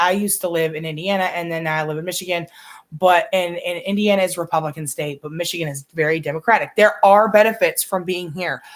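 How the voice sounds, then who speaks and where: A young woman from the United States talks off the cuff on a live reaction stream, pitched a little on the low side. She rambles, doubles back mid-sentence and drops swear words freely. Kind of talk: casual live reaction chat.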